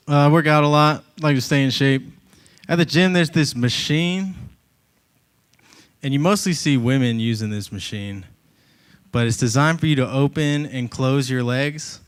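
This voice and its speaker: A man doing a stand-up comedy set, telling stories in an animated way and acting out voices, on a club stage with a handheld mic. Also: medium pitch. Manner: animated storytelling, acts out voices.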